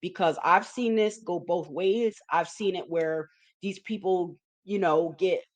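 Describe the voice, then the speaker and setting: A woman's voice: fairly low pitch, measured pace. A woman hosting a numerology forecast video, talking through slides in an emphatic, repetitive way and often checking in with listeners. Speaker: numerology forecaster, show host.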